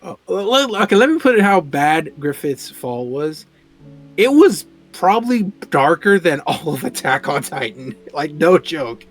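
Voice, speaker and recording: A man co-hosting a casual podcast chat, animated and quick to laugh, often repeating words when he gets excited. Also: fairly high pitch, soft background music. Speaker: podcast co-host.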